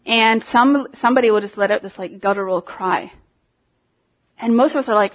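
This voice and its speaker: A woman giving an informal, conversational sermon, talking with animated emphasis and lots of fillers. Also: medium pitch, moderate pace, lo-fi sound. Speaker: preacher.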